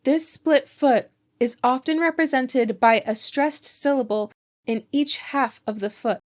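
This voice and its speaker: A woman hosting a language channel, reading a scripted lesson in a measured, precise way. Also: high-pitched. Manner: measured, precise explanatory delivery. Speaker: etymology channel host. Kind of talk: scripted educational narration.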